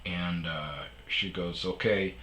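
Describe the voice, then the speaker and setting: Deep-voiced rambling man telling a story. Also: fairly even intonation, slow pace, a little hiss or hum. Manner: rambling, with many restarts and fillers; mimics other people loudly in quotes, then drops low and quiet. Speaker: podcast host. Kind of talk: casual personal storytelling.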